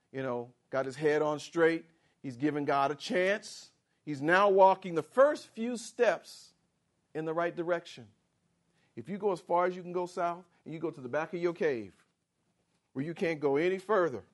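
Guy preaching, somewhat high voice, booming then hushed, asks the crowd stuff. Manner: swings from booming declarations to hushed, fast asides; asks the congregation questions and acts out inner voices. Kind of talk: sermon.

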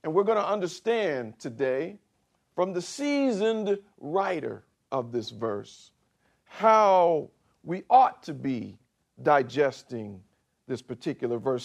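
Male pastor, middle-aged, sermon, high voice, unhurried, emphatic rises and drops in volume. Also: sing-song, vocal fry. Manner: slow, emphatic preaching with dramatic swings in loudness.

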